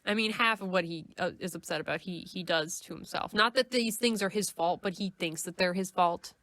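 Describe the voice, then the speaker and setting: A woman's voice: fairly low pitch, brisk, dry recording. A woman co-hosting a podcast, chatting casually as a fan and acting out quoted characters. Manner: animated, acts out quoted characters. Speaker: podcast co-host.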